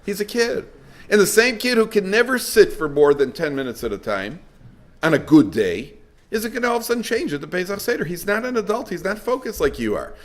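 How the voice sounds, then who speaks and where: A man's voice: high voice, fairly quick. A man speaking as a rabbi, giving a lecture to a live audience, telling stories with humor and acting out the voices he quotes. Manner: storytelling, animated, acts out quoted voices; warm, joking with listeners. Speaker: rabbi giving a parenting talk.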